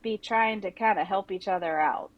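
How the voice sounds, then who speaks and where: A woman's voice: mid-range voice, normal speed, highs cut off. A middle-aged woman co-hosting a podcast, chatty and casual, with many "like"s and "you know"s. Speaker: podcast co-host.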